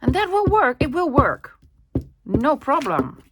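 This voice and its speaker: A woman's voice: a little high, big pitch swings, unhurried, slight background noise. A woman from the Netherlands with a Dutch accent, hosting a casual craft-along chat and talking to herself as she works. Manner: chatty, talks to herself while working. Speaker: crafting channel host.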